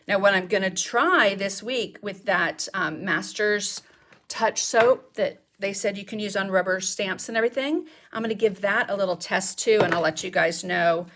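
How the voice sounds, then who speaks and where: A woman's voice: mid-range voice, a bit bright, a little hiss or hum. A woman, chatting casually as she demonstrates mixed media art techniques and answers viewers' questions. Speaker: craft instructor. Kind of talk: casual live craft demonstration.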